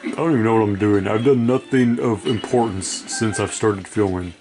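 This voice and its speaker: A man's voice: lowish voice, normal speed, music in the background. A sleep-deprived man giving rambling, profane, self-deprecating commentary while playing a video game. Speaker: gaming video creator. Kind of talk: casual gameplay commentary.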